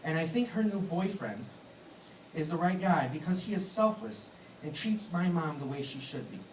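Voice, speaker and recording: The groom speaks at a normal pace in a slightly high, expressive voice, giving a wedding toast packed with jokes, teasing and laughs. The recording, made from afar in a large banquet hall, is echoey and noisy.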